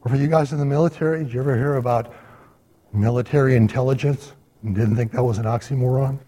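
A man teaching a church Bible study class in a conversational lecture style, pausing often on "uh" and checking in with his listeners. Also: medium pitch, steady tone, warm tone, breathy edge. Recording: long hall reverb.

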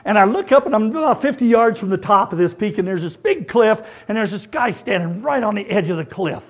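A middle-aged man preaching a sermon, telling personal stories in an animated way and acting out both sides of conversations. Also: sits high.

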